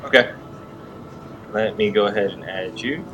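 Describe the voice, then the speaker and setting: An easygoing American man with a fairly low voice, chatting casually as a guest on a game stream. He talks in a relaxed way with trailing fillers, and faint music plays behind him. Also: unhurried, lo-fi sound. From United States. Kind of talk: casual chat.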